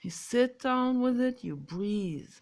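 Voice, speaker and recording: A woman vlogger talking through a casual monologue outdoors, stressing words loudly and then dropping to a soft whisper. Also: fairly high pitch, animated. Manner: emphatic and drawn-out, swinging between loud stresses and soft whispers. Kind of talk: casual spoken monologue on meditation.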